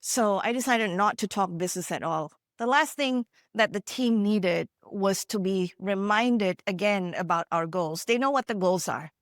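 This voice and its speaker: A woman's voice: medium pitch, moderate pace, hardly any pauses, dry recording, studio quality. A woman from India giving a motivational keynote, telling stories in an earnest, conversational way with frequent asides to the audience. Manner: earnest, conversational, frequent "you know" and "right?". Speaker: keynote speaker.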